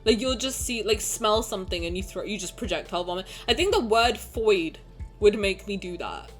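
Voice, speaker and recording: A woman's voice: medium pitch, lively intonation, normal speed, faint music behind. A young woman streaming live, reading chat messages aloud and reacting with swearing and frequent laughter.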